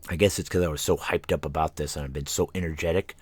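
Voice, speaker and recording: A very deep-voiced man hosts an internet radio talk show, drifting from tangent to tangent, full of ums and tired yawns. The recording is close and dry, with no room sound at all. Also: fairly even intonation, fast talker, darkish tone, breathy edge, dry recording. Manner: rambling, tangent-prone, with many fillers and yawns. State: tired, yawning. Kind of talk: casual rambling monologue. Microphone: studio microphone.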